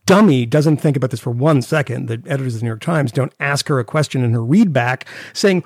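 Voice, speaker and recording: Podcast co-host, male, gravelly and sarcastic, dry close sound. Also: medium pitch, fast, hardly any pauses, no echo. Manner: sarcastic, mocking, animated rants. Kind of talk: casual chat.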